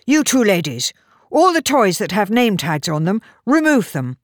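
A woman voicing a calm, clever man giving orders in a storybook reading, measured and commanding. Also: mid-range voice, no room sound, clean studio sound, lightly acted. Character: calm, clever male time traveller.

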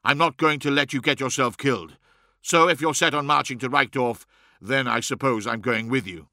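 A man's voice: medium pitch, moderate pace, no echo, studio quality. A man voicing a blunt, impatient male warrior captain who snaps and pushes hard. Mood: forceful. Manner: snapping, forceful.

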